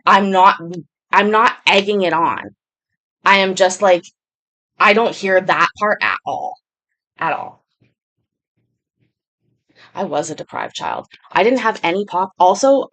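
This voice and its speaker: A woman talks casually to her livestream audience. She rambles from thought to thought and reads viewers' comments aloud as she answers them. Her voice sits in a middle pitch range. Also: fairly bright tone. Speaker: livestream host.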